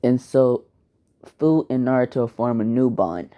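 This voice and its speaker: A man telling a fan-made story in a casual, rambling way, swearing and correcting himself. His voice is dark and mellow, and he talks slowly. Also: mid-range voice. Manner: crude, rambling, self-correcting.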